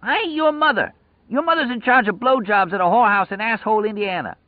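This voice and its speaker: A man voicing a scared, starving male prisoner who yells crude insults, heard through tinny phone-like audio. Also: sits high, fast talker, dry recording, pitched above the performer's own voice, natural voice. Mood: furious screaming. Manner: yelling, crude and coarse.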